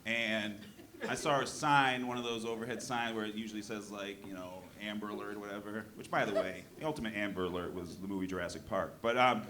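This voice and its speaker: A man doing a stand-up set, telling deadpan one-liners and now and then breaking into loud outbursts at the audience. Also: on the low side, a little fast. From New Hampshire. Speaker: stand-up comedian. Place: comedy club stage. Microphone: handheld stage mic. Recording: live club recording with crowd noise. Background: audience laughter.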